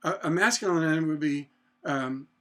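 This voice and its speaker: A man's voice: fairly high pitch, normal speed, pushed and bright. A man giving a casual songwriting lesson, thinking aloud and humming bits of melody as he works out chords. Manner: thinks aloud, hums and sings snippets. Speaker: songwriting teacher. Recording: guitar playing behind the voice.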